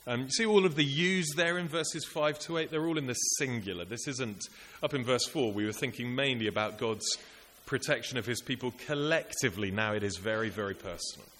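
Speaking fairly quickly with few pauses, this man has a mid-range, slightly bright voice. He delivers an earnest, rhetorical sermon, stacking up points with repetition and lists, captured in an echoey hall with faint hiss.

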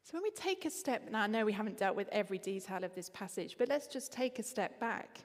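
A woman with an Essex accent preaching a sermon in a conversational, lively way, with frequent ums. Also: medium pitch, fast talker, long reverb tail.

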